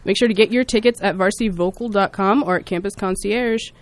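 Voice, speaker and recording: A woman's voice: medium pitch, brisk. A woman hosting a college radio hour, announcing songs and events in an upbeat way. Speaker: radio host.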